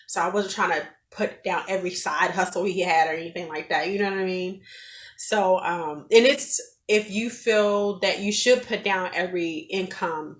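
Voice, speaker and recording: A woman in her thirties giving casual advice in a candid, animated storytelling way, with many fillers. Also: lowish voice. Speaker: vlogger. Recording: echoey room.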